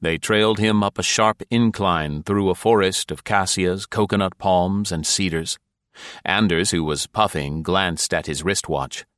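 A man reading a story aloud as narrator, in a measured storytelling manner. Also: low-pitched, fairly bright tone, no echo, clean studio sound.

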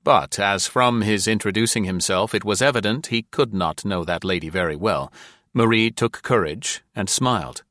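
A man narrating an audiobook in a measured, formal storytelling manner. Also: lowish voice, a bit bright, no room sound, clean studio sound.

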